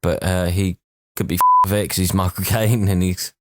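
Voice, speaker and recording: A very low-pitched man chatting on a comedy podcast, spinning a loose, rambling story and laughing along with his friends. The recording is dry and close, with no room sound. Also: level tone, normal speed, fairly bright tone, dry recording. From England. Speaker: podcast co-host and impressionist. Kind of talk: casual chat, telling an anecdote.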